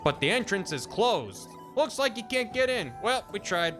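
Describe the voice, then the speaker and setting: A man's voice: high-pitched, sing-song, normal speed, music in the background. Man putting on a folksy Midwestern robot captain. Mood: cheery. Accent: put-on American Midwestern. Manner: hammy reading of game dialogue. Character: old male robot sea captain, folksy.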